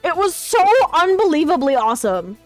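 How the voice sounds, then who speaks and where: Woman streamer, high voice, dry close sound, gushing rambling chat. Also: big pitch swings, normal speed, no room sound, soft background music. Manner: gushing and rambling, with many restarts. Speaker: streamer host. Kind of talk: casual chat on a live stream.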